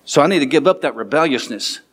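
A man preaching a sermon as pastor, animated, laughing and making quick asides to the congregation. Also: a little high, slightly rough.

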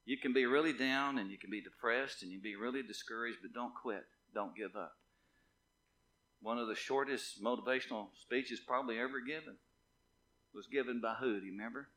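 A man's voice: medium pitch, fairly bright tone. A male pastor preaching a fervent sermon in a church, driving his points home with insistent repetition. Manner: impassioned, repetitive preaching with rising and falling intensity. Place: church sanctuary.

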